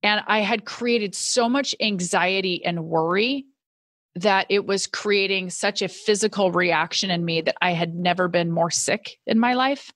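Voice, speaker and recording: A woman's voice: medium pitch, unhurried, no echo, clean studio sound. Earnest middle-aged woman telling her story. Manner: earnest, animated quoting of her own past thoughts. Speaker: podcast guest, business owner. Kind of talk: personal storytelling.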